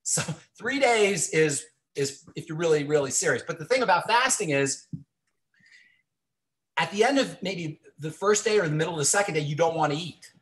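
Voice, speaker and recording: A man's voice: fairly high pitch, animated, moderate pace, a bit bright. A man hosting a radio health show, giving earnest, encouraging advice to callers in a Q&A.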